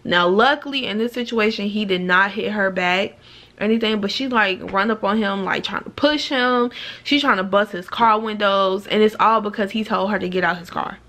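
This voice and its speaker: A young woman tells a storytime vlog, acting out the quotes with sharp jumps in pitch. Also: normal speed. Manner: animated, acts out quotes with rising pitch. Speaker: vlogger. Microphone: camera mic, then phone vlog style.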